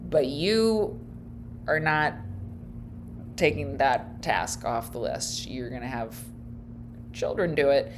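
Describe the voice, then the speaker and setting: A woman's voice: extremely low pitch, expressive, slow pace, pauses often, a little hiss or hum. Chatty, wry woman reacting on camera. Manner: chatty and wry, laughs often, thinks out loud. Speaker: reaction video host. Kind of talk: casual commentary reacting to a clip.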